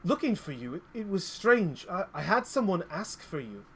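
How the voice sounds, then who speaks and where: A man voicing a grateful woman mercenary captain, in an earnest, halting way. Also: high voice, big pitch swings, a bit bright, breathy edge, full character voice.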